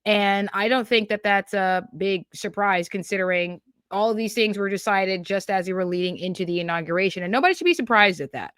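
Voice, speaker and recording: Woman podcast host, punchy and repetitive political commentary, middle-pitched voice, dry close-up sound. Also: fairly quick, few pauses, dry recording. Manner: animated and emphatic, repeats phrases, says "okay?" and "yo".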